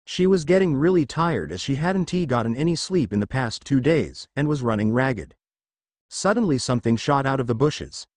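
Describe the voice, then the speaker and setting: Man narrating a fanfic, lively delivery. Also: mid-range voice, moderate pace, dry recording.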